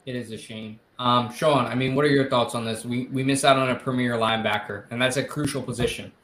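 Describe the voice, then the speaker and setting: A man's voice: mid-range voice, fairly even intonation, brisk, fairly bright tone, roomy sound. A man hosting a casual sports podcast, steering topics and passing questions to his co-hosts. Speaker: podcast host.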